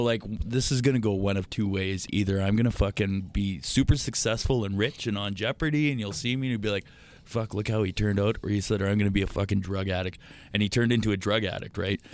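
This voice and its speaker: A man, a podcast guest telling profane, animated stories in casual chat. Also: fairly low pitch, fast. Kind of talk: casual storytelling.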